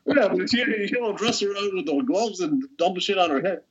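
Casting: man, fairly high voice, rambling casual co-host, muffled lo-fi audio. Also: animated, husky. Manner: rambling, halting, crude jokes. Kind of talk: casual chat.

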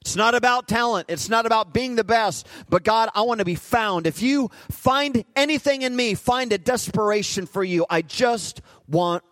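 A man preaching a live sermon in a church, swinging from loud, impassioned declarations to hushed, intimate passages. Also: high-pitched, moderate pace, hardly any pauses, no echo. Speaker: guest preacher. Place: church sanctuary.

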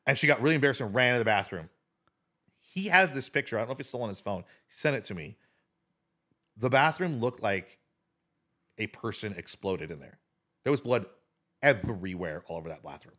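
Lively, swearing man telling a story. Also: medium pitch, fairly quick, long pauses. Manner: animated, swearing, talks with his hands. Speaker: podcast guest, DJ. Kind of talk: casual storytelling.

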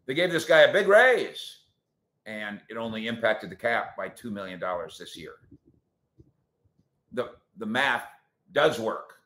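Bright-voiced opinionated male sports host. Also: lowish voice, measured pace, long pauses, echoey room. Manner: opinionated, animated rants. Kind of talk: casual sports talk show.

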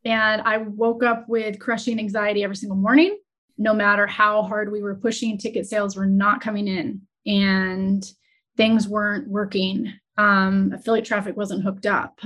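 A woman's voice: mid-range voice, little pitch movement, a bit bright. Candid woman recounting a hard time. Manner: earnest, emotional, halting retelling. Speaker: entrepreneur guest. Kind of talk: candid conversational storytelling.

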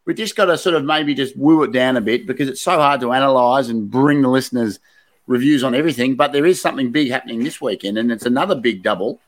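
An Australian man co-hosting a casual sports betting podcast with quick, chatty banter. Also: mid-range voice. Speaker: podcast co-host.

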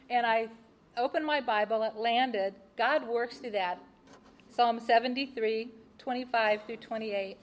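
Expressive woman telling a personal story. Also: a little high, measured pace. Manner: expressive, laughs at her own mishaps. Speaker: speaker sharing a personal testimony.

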